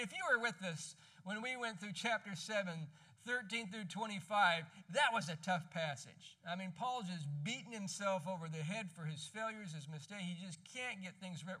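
A man's voice: high voice, pushed and bright, recorded from a distance. A man preaching an expository sermon, teaching in a conversational way and often correcting himself mid-sentence. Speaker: pastor.

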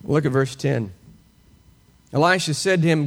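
A man preaching an expository sermon, animated and full of rhetorical questions, chuckling now and then as he teaches. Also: on the high side, normal speed.

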